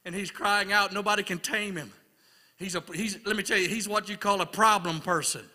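A man preaching a sermon as an evangelist in a church, building rhythmic repeated questions up toward shouts. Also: high voice, fairly even intonation, fairly quick. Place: church sanctuary. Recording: long church hall reverb.

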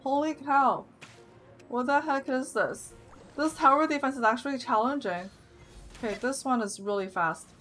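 A young woman with a slightly high voice streams a game from her desk mic. She thinks aloud as she plays and gets loud and excited when things go wrong. Faint game music plays behind her. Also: moderate pace. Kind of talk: live gameplay commentary.

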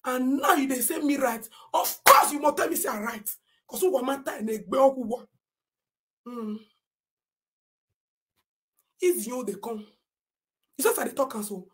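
Nigerian woman live-streamer, high and indignant, loud Pidgin rant. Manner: animated and indignant, often shouting and reading comments aloud.

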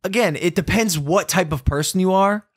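A young man hosting a podcast, telling a story in casual chat, excitable, with his voice jumping up when he gets amused, on a studio mic. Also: sits high, normal speed, no echo. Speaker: podcast host.

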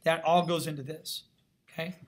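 A man's voice: on the high side, little pitch movement, moderate pace. A middle-aged man, an art instructor, giving a classroom lecture in an emphatic, conversational way and checking in with his students often.

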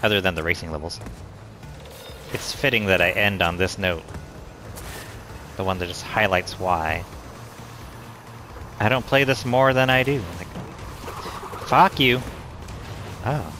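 A man with a fairly low voice talks through his gameplay, grumbling and swearing at the screen in exasperation. Game music plays clearly behind him. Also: unhurried, long pauses, bright, forceful tone. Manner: frustrated, swearing, talking to the game. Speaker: let's play gamer. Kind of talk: casual gameplay commentary.

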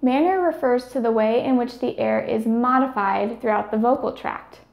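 A woman's voice: fairly high pitch, normal speed, gravelly, a little mellow, echoey room. A woman giving scripted speech therapy instruction, carefully demonstrating each sound.

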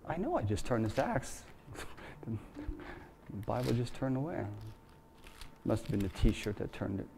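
A man preaches in a church in a relaxed, folksy way. He talks like he is chatting, full of fillers, asides and friendly slang. His voice sits at an ordinary middle pitch. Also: unhurried, creaky, pauses often, noisy background. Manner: conversational, folksy, with many fillers. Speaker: pastor. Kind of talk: sermon.

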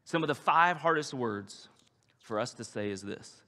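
A man preaching a sermon as a pastor, animated and acting out the voices of the people he quotes. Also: mid-range voice, normal speed. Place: church sanctuary. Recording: long hall reverb.

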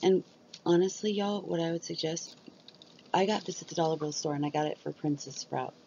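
A woman's voice: low voice, brisk, gravelly, mellow, lo-fi sound, a little hiss or hum. A woman vlogger chatting casually and rambling. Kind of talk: casual chat about ASMR.

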